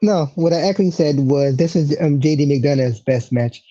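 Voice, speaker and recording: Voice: mid-range voice, moderate pace, mellow. A podcast co-host chatting casually about wrestling, stammering and laughing a lot. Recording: dull, muffled mic.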